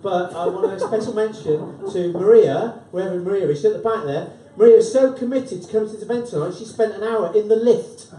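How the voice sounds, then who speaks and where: High-voiced chatty man in his fifties. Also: brisk, few pauses, dark tone, far from the mic. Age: 50s. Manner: chatty, keeps tagging "right?" onto lines. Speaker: event host and speaker. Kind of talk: humorous live talk to an audience. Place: event room with an audience. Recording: roomy, voice from off the mic.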